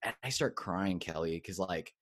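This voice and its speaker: A man's voice: medium pitch, a little fast, no room sound, studio quality. A middle-aged man, a coach and guest on an interview show, telling a personal story in a casual way and acting out the voices of people he quotes. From United States. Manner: animated storyteller who acts out quoted voices.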